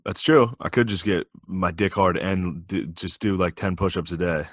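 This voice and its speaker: A man's voice: low voice, moderate pace, dry recording, clean studio sound. A man co-hosting a podcast, trading laid-back, joking banter and swearing casually. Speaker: podcast co-host.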